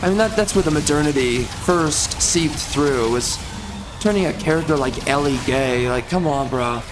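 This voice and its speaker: A man's voice: a little high, normal speed, background noise. A man ranting as he commentates over gameplay, exasperated and heated, repeating himself and swapping in mild stand-ins for curses.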